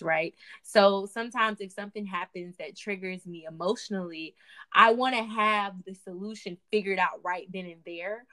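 A woman co-hosting a faith podcast, chatting expressively with frequent laughs and sudden upward swings in pitch. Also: pushed and bright. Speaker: podcast co-host.

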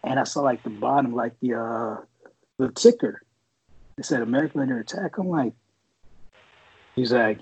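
A man's voice: medium pitch, normal speed, pauses often, darkish tone, breathy edge, poor audio. A middle-aged man from the Bay Area, a former Marine reservist, telling a rambling war story full of swearing and filler words. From San Francisco Bay Area. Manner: profane, rambling, lots of fillers. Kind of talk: casual chat, storytelling.

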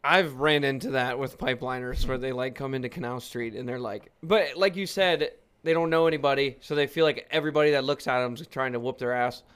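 A man's voice: mid-range voice, brisk, few pauses, fairly bright tone, smooth. A man co-hosting a casual chat, mostly giving short joking reactions to a story.

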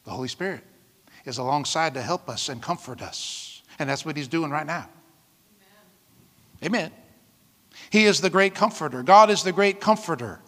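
A man's voice: on the high side, expressive, moderate pace, pauses often, a bit bright, in a large hall. A man preaching a sermon as pastor, reading scripture aloud and breaking into whoops and laughter. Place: church.

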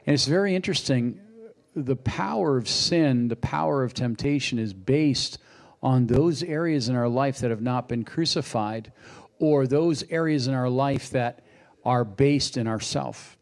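A man preaching a sermon, unhurried and reflective, with lively acted quotes. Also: mid-range voice, creaky.

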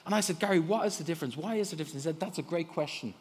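A man's voice: a little high, rapid-fire. A middle-aged man preaching a sermon in church, telling stories with lots of laughs and repeated words. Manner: animated storyteller, laughs often, repeats words when starting. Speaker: guest preacher. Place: church hall. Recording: long hall reverb.

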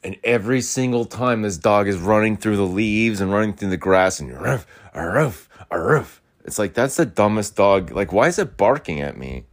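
A man's voice: fairly low pitch, expressive, moderate pace, hardly any pauses. A young man rambling and ranting in a casual monologue, repeating himself and swearing often as he moves around his home. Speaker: podcast host. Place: rural home, in and out of doors.

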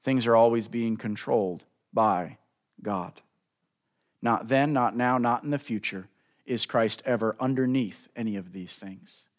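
A man preaching a sermon, building to emphatic lines and drawing out key words slowly, speaking directly to the congregation. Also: medium pitch. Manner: preaching with rising emphasis and slow drawn-out stresses; addresses the congregation directly as folks. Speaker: pastor.

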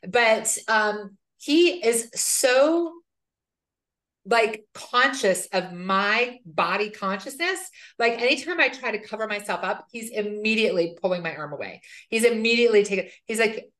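A woman's voice: a little high, animated, measured pace, fairly bright tone. A woman hosting a podcast, speaking candidly and relating her own experience. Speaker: podcast host. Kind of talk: casual chat.

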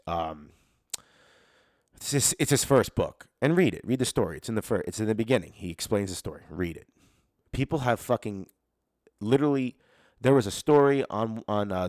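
A podcast host alone at the mic, this man speaks on the low side in a loose, swearing-heavy rant, animatedly performing the imagined inner voices of others. The sound is clean studio audio without any room sound.

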